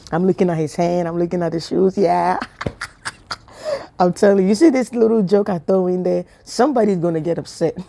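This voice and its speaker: Chatty woman with a low, mellow voice. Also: normal speed, gravelly. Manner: chatty storytelling with laughs and whispered asides. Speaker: spiritual vlogger. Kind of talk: casual spiritual talk to camera.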